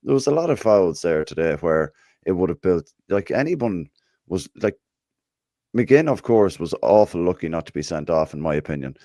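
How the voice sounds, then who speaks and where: A man's voice: deep voice, animated, normal speed, dark tone, dry recording. A man hosting a football fan podcast in casual chat, reading out listener comments and swearing freely. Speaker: podcast host.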